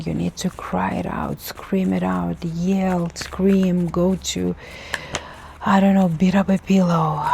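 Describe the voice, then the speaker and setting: A woman's voice: on the low side, vocal fry, dark tone, a little hiss or hum. A woman giving an earnest, emotional spiritual message as a tarot reader, repeating herself for emphasis. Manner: slow, earnest, repetitive, emotional.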